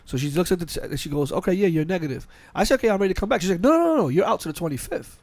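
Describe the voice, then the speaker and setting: A man hosting a casual podcast, telling a work story quickly and animatedly, with many restarts and quoted back-and-forth dialogue. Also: a little high, lively intonation, a little mellow, dry recording. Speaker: podcast host. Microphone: podcast mic.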